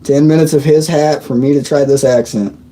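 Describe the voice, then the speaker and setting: A man chats loosely through a live stream, laughing easily and tripping over his words now and then. His voice sits a little high and sounds mellow. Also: steady tone, normal speed, rough recording. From Indiana, USA. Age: 30s. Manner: chatty and joking, laughs often, stumbles and restarts. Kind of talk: casual live-stream chat reading comments.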